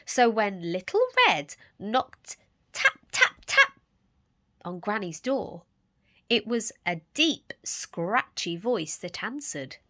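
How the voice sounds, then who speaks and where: A woman storyteller reading a children's story aloud in an expressive, animated way. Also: medium pitch, slow.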